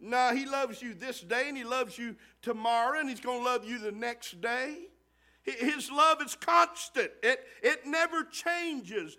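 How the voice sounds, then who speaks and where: A man's voice: very high voice, a little slow, pushed and bright. A man preaching a sermon, repeating phrases and asking the congregation "Amen?". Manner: repetitive call-and-response preaching, asking "Amen?".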